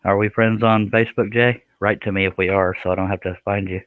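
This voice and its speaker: A man's voice: lowish voice, steady tone, fast, dry recording, narrow, tinny audio. A man hosting a live stream, chatting casually in a joking, rambling, self-deprecating way. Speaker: live stream host, scroll saw artist.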